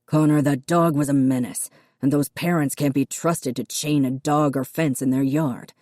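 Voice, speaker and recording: A woman's voice: low-pitched, steady tone, moderate pace, a little mellow, no echo, studio quality, lightly acted. A woman voicing a stern, harsh middle-aged father who snaps curtly at his son. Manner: snapping, curt.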